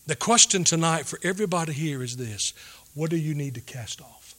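A man preaching a sermon, swinging between loud emphatic points and hushed asides. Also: fairly high pitch, expressive, fairly quick. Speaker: pastor.

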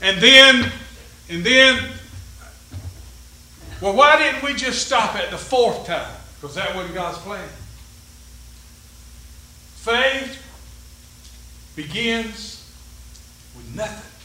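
Preacher guy, real high and sharp voice, roomy church sound, call and response. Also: expressive, extremely slow, long pauses. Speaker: pastor. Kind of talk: sermon. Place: church sanctuary.

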